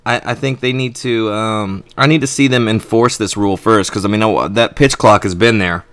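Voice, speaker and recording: A man's voice: fairly low pitch, steady tone, moderate pace, a bit bright, no echo. A man co-hosting a podcast in casual chat, rambling and opinionated with many restarts. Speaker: podcast co-host.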